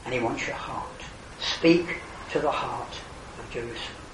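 An older man preaching an earnest evangelistic sermon, his voice swelling to emphatic calls and then falling quiet. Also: mid-range voice, moderate pace, noisy background. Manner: earnest, rising to emphatic exclamations then dropping soft. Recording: roomy hall, distant mic, faint ambience.

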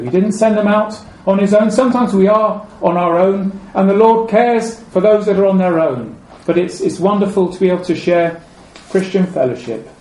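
A man with a high but warm, mellow voice gives a measured sermon. He repeats key phrases and lets them fall low and soft. The room is echoey, with faint ambient noise behind him. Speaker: preacher.

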